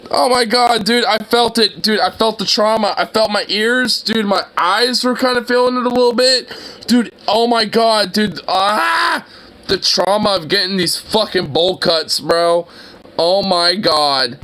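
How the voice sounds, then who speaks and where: An excitable young man hosts a reaction video, laughing and swearing through loud exclamations. His voice sits high and sounds bright and forceful. He drags his words out at an unhurried pace.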